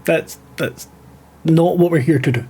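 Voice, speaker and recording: A man's voice: on the high side, measured pace, mellow, slight background noise. Chatty, sweary male game master. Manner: joking, heavy swearing, chatty. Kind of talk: casual banter, sweary.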